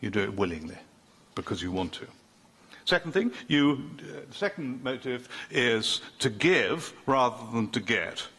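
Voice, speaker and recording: An older man delivers a sermon in a bright, ringing voice. He talks loosely and conversationally, starting sentences over and joking with the people in front of him. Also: medium pitch, very animated, unhurried, husky. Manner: chatty, self-interrupting, joking with the congregation. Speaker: preacher.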